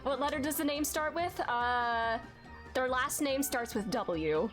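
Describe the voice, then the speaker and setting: Chatty, excitable woman streamer. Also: high-pitched, unhurried, faint music behind. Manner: chatty, excitable, uses lots of "like". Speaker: game streamer. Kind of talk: casual let's-play commentary.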